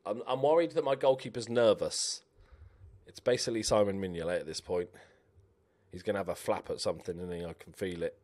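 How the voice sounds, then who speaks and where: A young man giving chatty, animated commentary while playing a game, cheering on his players. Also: on the low side, brisk. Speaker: gaming YouTuber. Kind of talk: casual let's-play commentary.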